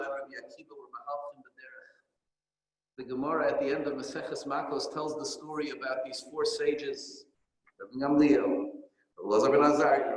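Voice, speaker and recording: A man's voice: mid-range voice, darkish tone. A man, a rabbi, giving a Torah lecture, telling stories and explaining Hebrew and Aramaic phrases as he goes. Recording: echoey hall with long reverb.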